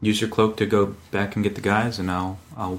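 Low gravelly player guy, short answers. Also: flat delivery, normal speed. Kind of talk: casual game table chat.

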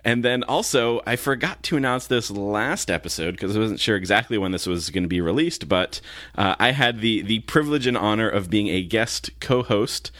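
Low-voiced man with a just-woken morning voice. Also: normal speed, dry recording, clean studio sound. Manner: relaxed, chatty, laughs easily. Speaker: podcast co-host. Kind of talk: casual podcast chat.

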